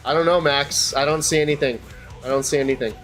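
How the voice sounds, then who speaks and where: A man's voice: fairly high pitch, fairly even intonation, quick pace, a bit bright, soft background music. A man hosting a casual livestream, chatting to viewers as he tests hardware. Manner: chatty, talks to viewers while working on hardware. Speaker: livestream host.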